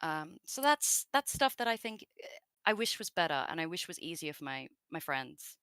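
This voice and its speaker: A woman's voice: deep voice, very animated, moderate pace, a bit bright, smooth, no echo. A woman with an Australian accent, a guest in an interview, chatting casually with many fillers and laughs.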